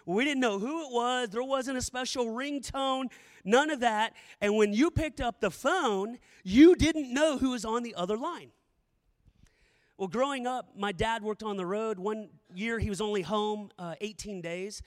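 A man's voice: extremely high pitch, measured pace, big-room sound. A middle-aged male pastor preaching a sermon, telling the story dramatically and repeating phrases for emphasis.

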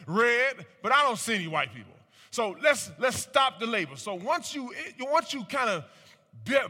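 Man, punchy and bright, call-and-response speaker in a reverberant hall; rhetorical, acts out voices. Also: sits high. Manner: animated, rhetorical questions, acts out quoted voices. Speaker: speaker at a community talk. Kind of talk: preaching-style public talk with audience call-and-response. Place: large room with an audience.

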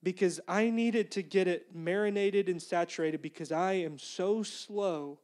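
High-voiced earnest male pastor preaching. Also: a little slow, darkish tone. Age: young adult. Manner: conversational and earnest, acting out inner voices. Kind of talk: sermon.

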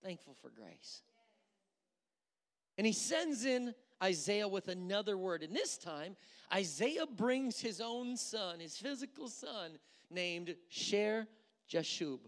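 A pastor delivers a sermon in a large, reverberant sanctuary, with the voice trailing off into a long hall echo. The delivery is animated and full of swooping pitch, with quotes acted out along the way and words repeated while thinking aloud. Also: takes it slowly. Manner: animated storytelling, acting out quotes.

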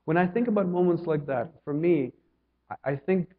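A man from Ukraine preaching a sermon, asking questions and swinging from loud to hushed. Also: on the high side, normal speed. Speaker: pastor. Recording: dull sound with long hall reverb.

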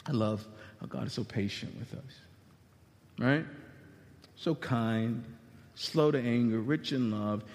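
High-pitched man preaching in a hall with long reverb, animated and casual. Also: creaky. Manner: animated, conversational, slangy. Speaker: pastor. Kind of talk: sermon.

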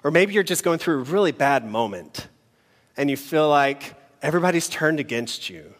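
A man preaching a sermon in an earnest, measured way, pausing between phrases. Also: mid-range voice. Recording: long hall reverb.

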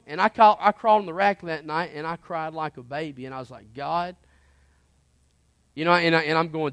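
A man preaching and telling his personal testimony, earnest and impassioned, swinging between hushed moments and emphatic ones. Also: a little high, fairly quick, no echo.

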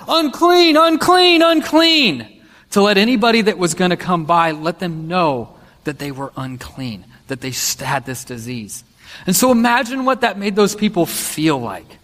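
A man's voice: high-pitched, fairly bright tone. A male pastor giving a sermon, talking earnestly and walking listeners through a scene. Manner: earnest storytelling preacher. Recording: long hall reverb.

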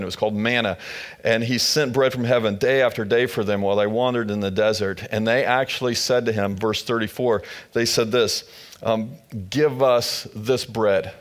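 Male pastor, sermon delivery, conversational storyteller, mid-range voice. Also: medium pitch. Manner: conversational storytelling, retelling scripture in everyday words.

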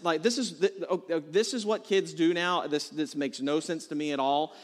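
A man's voice: a little high, normal speed, few pauses, big-room sound. A man preaching a sermon as a pastor, talking casually and joking as he tells stories to his congregation. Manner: conversational, joking, animated storytelling.

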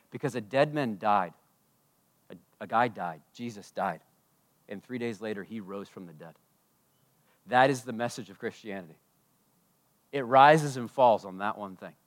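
A man preaching a sermon at a church service, impassioned, swinging between loud declarations and hushed asides. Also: medium pitch. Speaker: pastor.

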